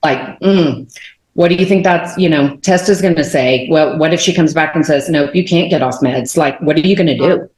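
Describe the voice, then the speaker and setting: A woman in her forties from Texas, telling a personal faith testimony as an animated storyteller who leans on fillers. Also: deep voice, normal speed. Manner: animated storyteller, many fillers, acts out quotes. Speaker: guest. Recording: roomy echo.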